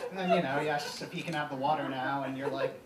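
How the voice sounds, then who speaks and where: A young man doing a stand-up comedy set, deadpan and halting with many ums, on a live comedy stage. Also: mid-range voice, over a noisy crowd. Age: young adult. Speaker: student stand-up comic. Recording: echoey hall, distant mic, audience laughter.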